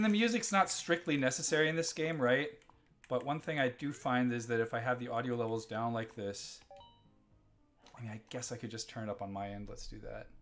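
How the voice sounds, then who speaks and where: A German man with a medium-pitched, slightly bright voice hosts a live game stream. He chats and rambles between reading chat messages aloud, laughing often.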